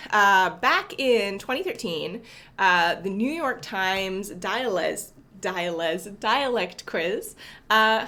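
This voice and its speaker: A woman's voice: mid-range voice, bright, forceful tone. A young woman hosting a casual coding livestream from her apartment, greeting viewers by name and a little sniffly from allergies. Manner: chatty, greets viewers by name, self-correcting. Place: apartment home.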